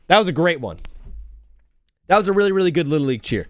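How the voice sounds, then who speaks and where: A man's voice: a little high, very animated, fast talker, background noise. Rambling young man hosting a solo show. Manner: rambling storytelling, chanting cheers in a sing-song. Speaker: podcast host. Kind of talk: casual solo talk show monologue.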